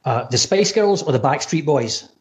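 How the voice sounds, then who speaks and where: A man with a Scottish accent hosting a casual livestream interview, teasing and joking as he fires off quick questions. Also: on the high side, animated. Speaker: podcast host. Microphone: video call.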